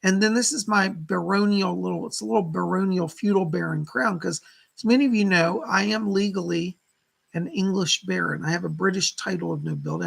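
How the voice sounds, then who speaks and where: A middle-aged man hosts a live psychic stream and chats to his viewers. His voice is heavily gravelly and rough, with a husky edge. He gushes and exclaims all the way through. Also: high voice, fairly bright tone, rough recording. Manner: gushing, chatty, full of exclamations. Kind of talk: casual live-stream chat.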